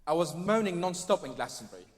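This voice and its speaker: A man's voice: high voice, big pitch swings, quick pace. A man performing a stand-up comedy set on a theatre stage, with wry, mock-posh impressions of British people. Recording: live theatre with long reverb. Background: faint audience ambience.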